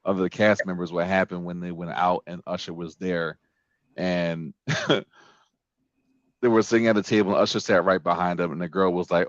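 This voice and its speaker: A low-voiced man hosting a casual podcast chat, crude and joking, who keeps slipping into the voices of the people he quotes. The sound is close and dry, but a little dull and muffled. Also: steady tone, fairly quick, no room sound. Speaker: podcast host.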